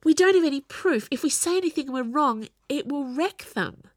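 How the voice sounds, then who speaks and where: A blunt young soldier woman who speaks in a flat, deadpan way, voiced by a woman narrating a story. The sound is dry and close. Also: sits high, brisk, dry recording, voice pushed up. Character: blunt young female corporal.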